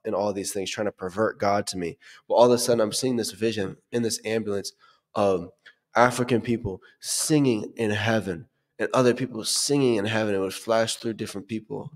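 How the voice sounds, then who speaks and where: Earnest young man giving a testimony. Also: fairly low pitch. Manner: earnest, searching for words. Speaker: testimony speaker. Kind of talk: personal testimony.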